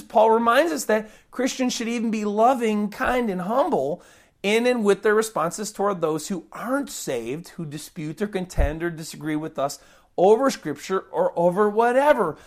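Woman preaching, earnest, acts out little prayers and rude comebacks. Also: medium pitch. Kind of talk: sermon.

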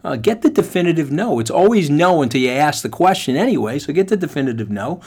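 A middle-aged man hosting a podcast, telling a motivational story in an animated, emphatic way and speaking straight to listeners. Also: fairly high pitch, fast talker, breathy edge. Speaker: podcast host.

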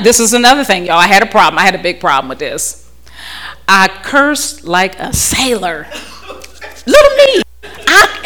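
A woman's voice: a little high, fairly bright tone. A woman telling a frank, humorous church testimony into a handheld mic to a live audience. She often laughs and repeats words as she restarts her sentences. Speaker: speaker giving a personal testimony. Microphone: handheld microphone.

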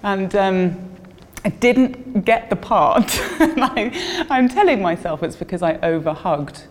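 A woman's voice: medium pitch, very animated, takes it slowly, long reverb tail. A woman telling an embarrassing story with giggles and self-mockery. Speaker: storyteller guest. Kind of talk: pre-recorded comic anecdote.

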